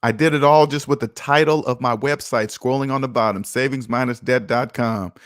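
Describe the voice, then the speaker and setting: A man in his thirties hosts a personal finance show, delivering a casual monologue with passion and repeating his points like a preacher. His mid-range voice moves fairly quickly, with studio quality and no echo.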